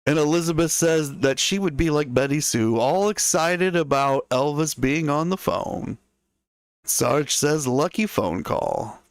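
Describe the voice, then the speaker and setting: A man's voice: on the high side, measured pace, clear, resonant tone, dry recording. A man hosting a casual history livestream. He chats to his viewers and muses aloud in asides. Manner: chatty, musing asides to viewers. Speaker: history show host.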